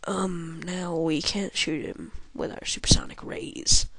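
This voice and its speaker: A woman's voice: fairly low pitch, fairly even intonation, a little slow, a bit bright, no room sound. A young woman giving goofy, rambling commentary over a video game, often murmuring half under her breath. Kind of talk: casual let's-play commentary.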